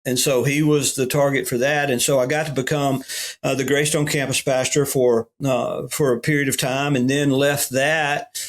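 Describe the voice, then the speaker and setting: Speaking at a normal speed in a mid-range voice, this Alabama pastor shares homespun stories in a podcast interview. He's middle-aged with a Southern US accent, and he livens up whenever he imitates others.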